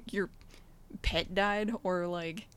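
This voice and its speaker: A woman's voice: fairly low pitch, steady tone, drawn-out words, a bit bright, smooth. A woman co-hosting a podcast in casual chat, rambling and joking with lots of fillers. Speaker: podcast co-host, game developer.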